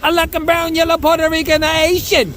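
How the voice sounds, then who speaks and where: Boastful high-voiced New York man. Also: a little fast, a little hiss or hum. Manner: boastful, joking, self-mocking, animated. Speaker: bodyboarding vlogger. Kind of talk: rambling comic vlog monologue.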